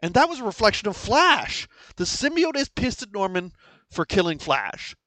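A man co-hosting a podcast, talking in a rambling, excitable way and restarting his sentences often. His voice sits a little high. The sound is dry and close. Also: moderate pace, no room sound, poor audio. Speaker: podcast co-host. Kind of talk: casual chat.

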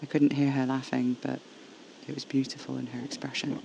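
Man, first-person horror narration, gravelly voice, flat intonation, hushed and intimate. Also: medium pitch, brisk, noisy background.

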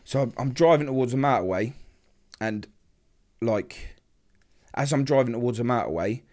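Guy on a podcast, talks through a heavy story from his past, does everyone's voices in it, mid pitch. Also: animated, moderate pace, darkish tone. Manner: vivid storyteller who acts out quoted dialogue. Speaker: podcast guest. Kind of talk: emotional personal storytelling.

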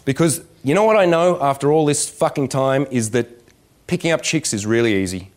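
A man delivering a live seminar as a dating coach, his voice sitting at an ordinary middle pitch. He talks in an animated, profane and joking way and keeps slipping into voices to act out little scenes. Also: fairly quick. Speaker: dating coach speaking at a workshop. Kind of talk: live seminar talk to an audience. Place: indoor event room with about 160 people.

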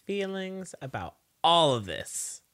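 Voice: mid-range voice, very animated, slow, fairly bright tone. Brief: podcast co-host, casual banter, short wry asides, mid-range voice. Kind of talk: casual recap chat.

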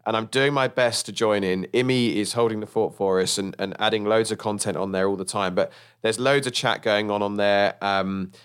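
A middle-aged man hosts a podcast in a relaxed, chatty way, rambling with plenty of ums. His voice sits on the low side. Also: normal speed, clear, resonant tone. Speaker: podcast host. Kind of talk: casual podcast chat.

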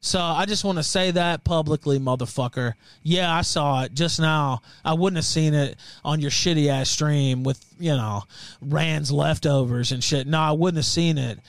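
A man's voice: a little high, moderate pace, no echo. A man hosting a livestream, delivering a profane, threatening, heated rant. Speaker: livestream host.

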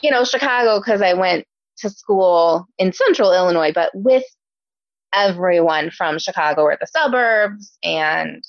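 A woman's voice: on the low side, lively intonation, unhurried, no echo, highs cut off. A young adult woman from Omaha, co-hosting a casual book podcast, chatty with many ums. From Omaha, Nebraska. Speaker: podcast co-host. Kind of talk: casual book discussion chat.

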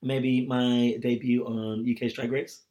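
A man's voice: medium pitch, little pitch movement, a little slow, warm tone. A man chatting animatedly as a podcast co-host, laughing often. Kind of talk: casual chat.

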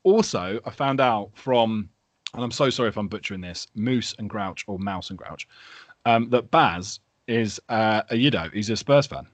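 A man's voice: fairly low pitch, moderate pace, no room sound. A man co-hosting a podcast, chatting casually with a rambling, enthusiastic, sweary manner. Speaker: podcast co-host.

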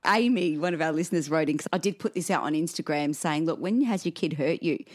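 A woman's voice: low-pitched, quick pace. A woman co-hosting a podcast in casual chat, telling stories animatedly, acting out quotes and swearing freely. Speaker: podcast co-host.

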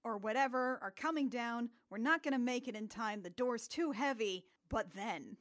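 A woman hosting a casual comedic podcast, recapping a film as an animated storyteller who laughs often. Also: fairly high pitch, moderate pace.

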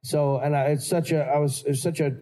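Animated middle-aged actor with a mellow voice. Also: male voice, a little high, brisk, low-quality recording. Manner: animated, jokey, many restarts. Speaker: actor guest on stage. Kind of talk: storytelling chat before an audience.

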